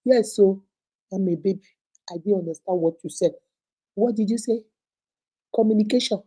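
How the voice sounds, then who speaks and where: Lively Nigerian woman with a mellow voice. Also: medium pitch, a little fast, pauses often. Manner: lively storytelling, acts out quoted voices, frequent laughter. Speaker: host answering relationship questions. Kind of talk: animated casual advice talk.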